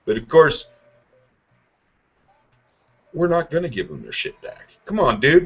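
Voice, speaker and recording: A man hosting a show, ranting angrily and sarcastically with constant swearing. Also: mid-range voice. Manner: angry, heavy swearing, sarcastic. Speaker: podcast host. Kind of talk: profane political rant. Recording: muffled lo-fi audio.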